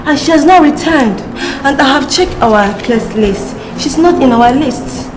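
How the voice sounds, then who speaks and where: A polite Nigerian receptionist. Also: female voice, high-pitched, expressive. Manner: polite, measured. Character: polite hotel receptionist, calm and formal. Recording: echoey room with loud music.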